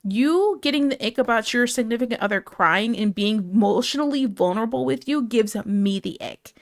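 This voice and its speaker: A woman's voice: on the high side, expressive, moderate pace, dry recording, clean studio sound. A woman from Ohio streaming while she draws, chatting casually and rambling as she answers her live chat and gets sidetracked.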